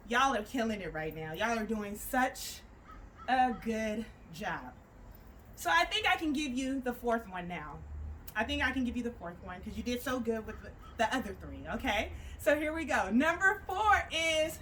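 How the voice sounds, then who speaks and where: A woman program manager leading children through a call-and-response movement game, cheering them on and shouting out commands with drawn-out calls. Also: high voice, sing-song, a little hiss or hum. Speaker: youth play program manager.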